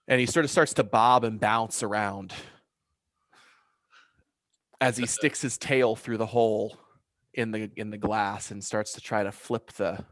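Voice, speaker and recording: A man's voice: lowish voice, steady tone, measured pace, a bit bright, no echo. A man narrating a tabletop game as game master, describing scenes in a loose, filler-heavy way.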